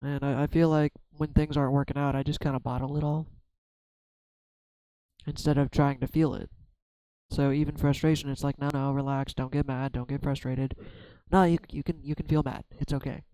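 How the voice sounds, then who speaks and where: Man, tarot vlogger, soft dark tone, flat delivery, halting and self-searching, dry sound. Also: fairly high pitch, no room sound, poor audio. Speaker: tarot reader. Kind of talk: reflective solo tarot vlog.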